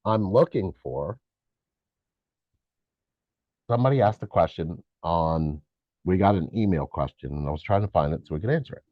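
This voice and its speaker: A middle-aged man co-hosting a live stream, chatting casually, animated and joking, swearing now and then. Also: low-pitched, brisk, no room sound, muffled recording. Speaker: co-host.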